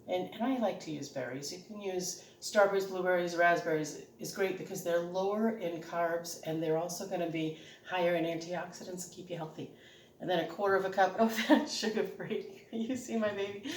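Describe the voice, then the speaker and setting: A middle-aged woman with a regional American accent hosts a home cooking channel, chatting in a homey way and laughing often as she cooks. Her voice sits on the low side. The mic is distant in an echoey home kitchen, with clattering dishes and cutlery and slight background noise.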